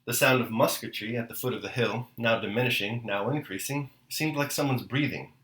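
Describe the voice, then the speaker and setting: A man hosting a daily podcast, reading a novel aloud in a measured way and then reflecting on it. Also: medium pitch, fairly bright tone, roomy sound, low-quality recording.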